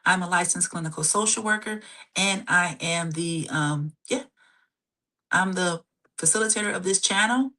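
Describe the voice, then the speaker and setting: A middle-aged woman therapist with a lowish voice hosts a live stream, repeating phrases and checking in with "okay?" and "you guys" frequently. When guiding breathing and relaxation exercises, she slows down and softens.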